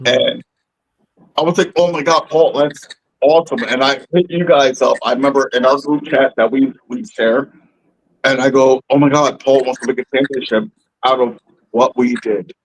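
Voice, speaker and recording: A man's voice: medium pitch, fairly even intonation, moderate pace, rough recording. A man hosting a podcast, telling a story with laughs and stammered restarts, openly emotional. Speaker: podcast host and wrestling commentator. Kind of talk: casual chat.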